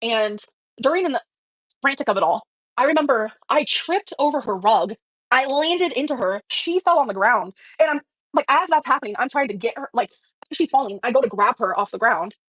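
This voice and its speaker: A woman's voice: a little high, animated, fairly quick, a bit bright, dry recording. A woman livestreaming, telling a personal story in a rambling, emotional way with many fillers. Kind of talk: casual livestream chat.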